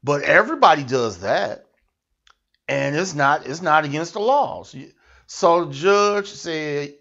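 Sarcastic ranting man, lively pitch. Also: slow pace, creaky, dull audio. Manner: sarcastic, mocking, animated. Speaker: satirical news host. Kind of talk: comic political rant.

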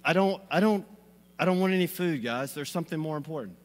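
A man voicing a calm male teacher who politely turns down food in a soft, lowered voice. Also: fast, long reverb tail, lightly acted. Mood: gentle.

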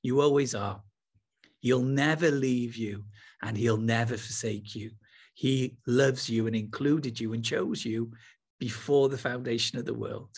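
A man teaching with enthusiasm, then slowing to a soft, unhurried pace to lead a guided meditation. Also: mid-range voice, fairly even intonation, husky. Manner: enthusiastic, then slow and soft when guiding. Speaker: spiritual teacher.

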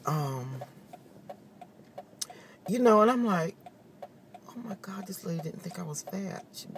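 Chatty woman laughing often. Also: low voice. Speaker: vlogger. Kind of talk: casual morning chat to viewers. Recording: distant phone mic with steady noise.

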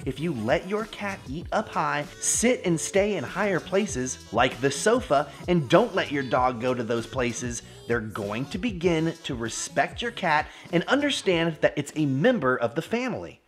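Male vlog host, casual pet-care tips, animated and playful delivery, voice swoops widely, soft music faint underneath. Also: a little high, unhurried, hardly any pauses. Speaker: dog trainer vlogger.

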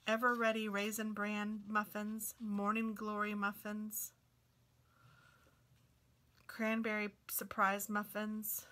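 A woman with a pushed, bright mid-range voice hosts a casual cookbook walk-through for a craft and book video. She reads recipes aloud and chats, letting out delighted exclamations.

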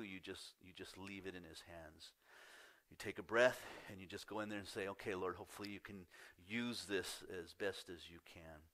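A pastor delivering a sermon in a low-pitched male voice. He reads scripture and then shifts into candid, conversational storytelling. His voice swings up when he gets worked up and falls quiet and soft on the points he wants to stress.

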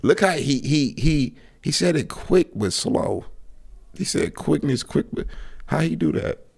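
A man streaming a reaction to a video, talking in an animated, slangy way and laughing often. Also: fairly high pitch, unhurried, creaky, slightly rough. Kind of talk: reaction commentary.

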